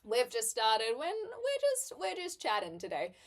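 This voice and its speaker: A young woman from New Zealand streams from her bedroom, chatting and reading viewer messages aloud. Her voice sits fairly high and swoops animatedly up and down, with frequent small giggles. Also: huge pitch swings, unhurried. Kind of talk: casual chat with live viewers.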